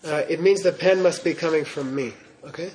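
A man's voice: on the high side, fairly quick, a little mellow, a little hiss or hum. A man giving a Buddhist teaching in class, in a playful way, often checking in with his listeners. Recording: roomy hall echo.

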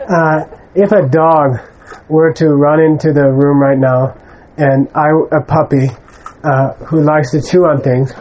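Speaking to his students in a conversational manner, a male Buddhist teacher with a slightly raised pitch bluntly and forcefully sets aside incorrect notions, tossing in a quick "okay?" again and again. His tone stays steady and somewhat mellow over lo-fi audio.

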